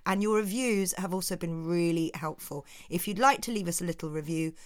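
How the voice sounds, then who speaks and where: A woman's voice: lowish voice, brisk. A woman co-hosting a children's podcast, talking in an encouraging, praising way.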